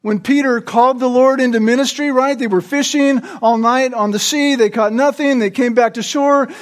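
High-voiced man preaching verse by verse. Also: steady tone, moderate pace. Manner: explanatory, frequent "right?" checks and small restarts. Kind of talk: expository sermon.

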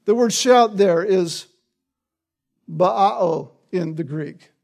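High-voiced man preaching. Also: a little slow, darkish tone. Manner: explanatory, with frequent tag questions. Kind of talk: expository sermon.

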